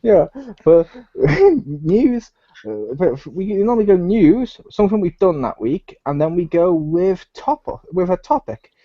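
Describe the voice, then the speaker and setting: A man's voice: high-pitched, very animated, a little slow, no room sound, lo-fi sound. A man hosting a casual gaming podcast, joking and laughing as he rambles. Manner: jokey, laughs often, rambling. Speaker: podcast host. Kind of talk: casual chat.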